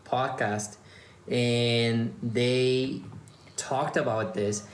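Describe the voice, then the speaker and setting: A man's voice: mid-range voice, steady tone, drawn-out words. A man from Mexico hosting a casual chat, rambling loosely and trailing off mid-sentence. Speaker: host. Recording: roomy echo with faint background noise.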